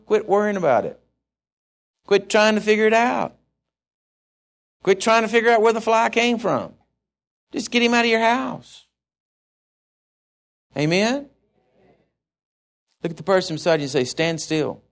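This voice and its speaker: A man from Texas, preaching a sermon as pastor, swinging from loud passages to hushed ones. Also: high voice, unhurried, creaky, pauses often.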